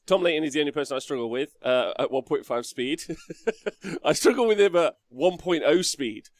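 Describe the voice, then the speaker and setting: A man hosting a casual livestream podcast, chatty and quick to laugh as he reads the chat aloud. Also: fairly high pitch, animated, dry recording, studio quality. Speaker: podcast host.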